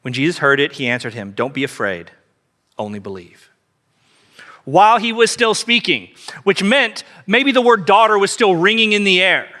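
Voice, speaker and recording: Man, pastor, sermon, high voice, emphatic storytelling, repeats phrases. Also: animated, fairly quick, sharp tone.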